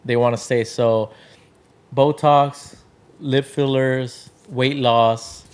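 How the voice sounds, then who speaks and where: A man's voice: mid-range voice, steady tone, slow, clean tone. A man chatting casually as a podcast guest, rambling with lots of fillers and acting out quotes from other people. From Washington state, Tri-Cities area. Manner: loose, filler-heavy storytelling with acted-out quotes. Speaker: podcast guest, drink brand founder.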